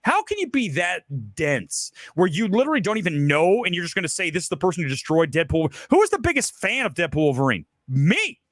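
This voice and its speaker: A combative male film host rants on a live stream in a high, restless voice that leaps up and down in pitch. He sounds aggressive and sure of himself. The sound is close and dry with no room around it. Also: wildly swooping pitch, a little fast, hardly any pauses, dry recording. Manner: loud, combative, opinionated ranting. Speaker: film talk show host. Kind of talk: ranting live-stream commentary.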